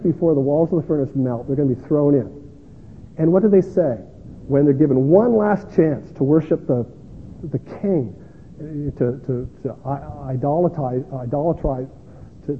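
A man's voice: fairly high pitch, a little hiss or hum. A man preaching a sermon as a pastor, earnest and self-deprecating, often restarting his words. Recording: tinny lo-fi sound in a long-echoing hall.

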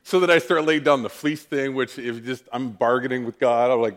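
A man preaching, telling a personal story with lively, self-mocking animation. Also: mid-range voice, a little fast. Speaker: pastor. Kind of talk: sermon storytelling.

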